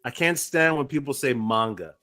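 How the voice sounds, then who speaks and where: Man, bright sharp tone, blunt crude banter, co-host. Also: a little high, moderate pace. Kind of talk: casual livestream chat.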